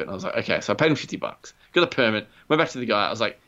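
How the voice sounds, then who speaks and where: A man's voice: fairly low pitch, rapid-fire, few pauses, muffled recording. Swearing man telling a story. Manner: swears often, animated retelling with quoted voices. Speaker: podcast co-host. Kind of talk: casual storytelling chat.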